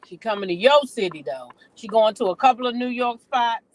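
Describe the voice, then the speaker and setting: Animated woman dishing celebrity gossip. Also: fairly high pitch, a little fast, rough recording. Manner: animated, laughing, repeats punchlines. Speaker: gossip channel host. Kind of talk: casual gossip commentary.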